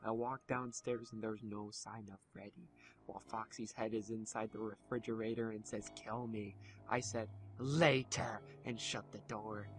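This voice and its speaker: A young man co-hosting, reading out an absurd fan story aloud in a crude, deadpan way. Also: on the low side, normal speed, a little hiss or hum. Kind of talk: casual comedic dramatic reading.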